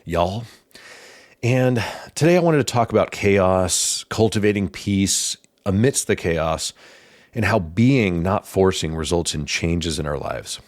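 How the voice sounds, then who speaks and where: A man hosting his own podcast, talking in a calm, thoughtful, casual way with pauses. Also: low-pitched, dry recording, studio quality. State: slightly out of breath. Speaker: podcast host. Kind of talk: casual reflective monologue.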